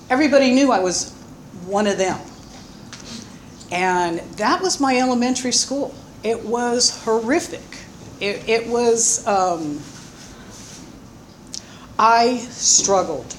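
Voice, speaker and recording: A middle-aged woman from Florida with a Southern accent, telling her own life story in a halting way, full of pauses and fillers. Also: mid-range voice, slight background noise. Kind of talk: personal life story, told unscripted.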